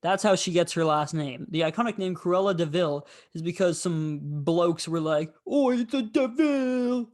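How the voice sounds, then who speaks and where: A man's voice: a little high, fairly even intonation, normal speed, few pauses. A man hosting a casual film review, talking in a rambling, candid way with frequent fillers.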